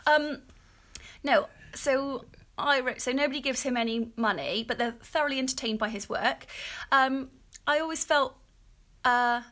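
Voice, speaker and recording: A woman's voice: high-pitched, a little slow, a bit bright. A woman in her thirties from England, co-hosting a podcast in casual, giggly, teasing chat. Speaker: podcast co-host.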